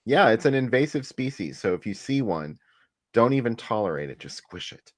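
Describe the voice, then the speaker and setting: A man's voice: mid-range voice, sing-song, moderate pace, no echo, clean studio sound. A man hosting a casual chat, laughing often as he tells stories. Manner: chatty, laughs often, storytelling. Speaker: host.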